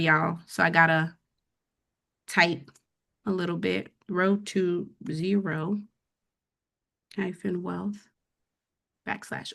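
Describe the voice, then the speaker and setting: A woman's voice: lowish voice, gravelly, pushed and bright. Woman host for a live money webinar, casual, keeps asking "okay?" to check in with viewers. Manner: conversational, checks in with the audience with frequent "okay?". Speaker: webinar host teaching personal finance.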